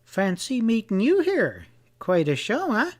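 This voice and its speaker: An airy Englishman with an English accent, put on by a man, speaking in a high, drawling voice. He sounds genteel and unhurried, pitching each phrase well above an ordinary man's speech. It is a character from an audiobook western. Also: wildly swooping pitch, exaggerated voice.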